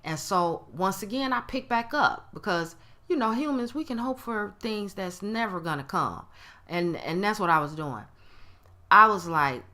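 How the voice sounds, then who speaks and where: A woman in her forties telling a personal story in a casual talk, animated and conversational, acting out what others said with big jumps in her voice. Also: mid-range voice, moderate pace. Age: 40s. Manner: conversational with frequent restarts and okay tags.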